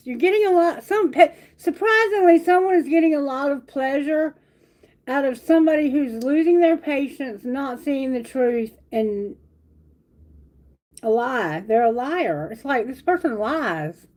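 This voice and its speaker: A woman giving a live-stream tarot reading, blunt and animated, swearing freely as she talks to viewers. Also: high voice, measured pace. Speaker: tarot reader.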